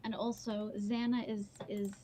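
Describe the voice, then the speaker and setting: A young woman talks to her live chat in a relaxed, chatty way and laughs easily as she goes. Her voice sits at an ordinary middle pitch, and a faint hiss runs under the stream audio. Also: unhurried. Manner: chatty, laughs often, answers chat comments. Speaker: streamer and book reader. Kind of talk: casual livestream chat.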